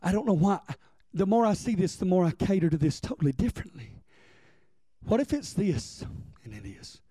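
A man preaching a sermon, impassioned and rising to shouts before dropping to hushed prayer. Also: high-pitched, lively intonation, normal speed, husky, dry recording, clean studio sound.

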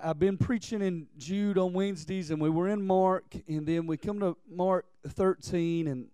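Earnest stammering pastor, high voice. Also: male voice, mellow, clear, resonant tone, no echo. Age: 40s. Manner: earnest, stammering restarts, building in intensity. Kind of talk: sermon.

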